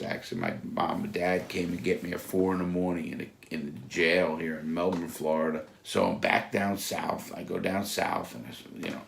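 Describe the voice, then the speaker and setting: A man telling blunt, profane stories from his own past in a casual, animated way. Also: deep voice, gravelly, slight background noise. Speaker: storyteller recounting his past. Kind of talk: casual spoken anecdote. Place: Florida.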